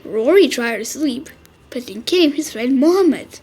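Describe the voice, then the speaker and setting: A woman reading a children's storybook aloud, slow, clear and expressive. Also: high voice. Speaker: storybook reader. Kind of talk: children's read-aloud narration.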